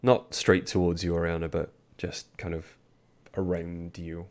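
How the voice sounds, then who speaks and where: A very deep male voice narrates a tabletop roleplaying session as game master. His delivery is loose and rambling, full of asides and restarts as he describes the scene to his players. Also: level tone, a little slow, a little mellow.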